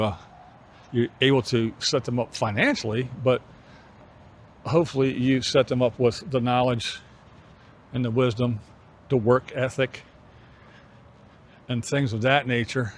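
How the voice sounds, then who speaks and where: A middle-aged man vlogging on an evening walk outdoors, musing in an unhurried way with pauses between phrases. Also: medium pitch, fairly even intonation, slight background noise. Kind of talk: reflective walking vlog chat.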